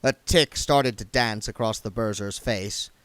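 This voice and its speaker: A man reading a comic novel aloud in lively, expressive narration. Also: fairly low pitch, slow, no echo. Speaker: reader.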